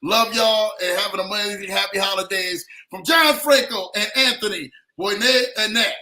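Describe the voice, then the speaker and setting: Hyped guy hosting, high bright voice, says man every other word. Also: moderate pace, low-quality recording. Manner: hyped, repeats "man" constantly, laughing. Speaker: podcast host. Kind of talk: casual show sign-off chat.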